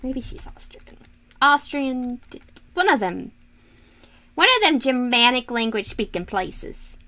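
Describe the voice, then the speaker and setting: A woman's voice: fairly high pitch, sing-song, slow, bright, forceful tone. A young woman streaming live while she draws, chatting in a rambling, self-mocking way and giggling often. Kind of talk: casual livestream chat while drawing.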